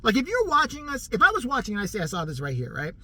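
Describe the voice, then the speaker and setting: A middle-aged man spins a casual yarn for his viewers, his voice ringing bright and forceful. He swears freely and keeps breaking into laughter as he talks. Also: very high voice, very fast. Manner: animated, profane, laughs often while telling. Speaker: vlogger. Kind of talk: casual storytelling.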